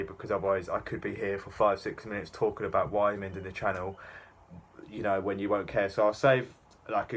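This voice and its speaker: A man's voice: fairly low pitch, a bit bright, a little hiss or hum. A young man rambling through self-mocking reaction commentary, with lots of fillers. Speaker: YouTuber.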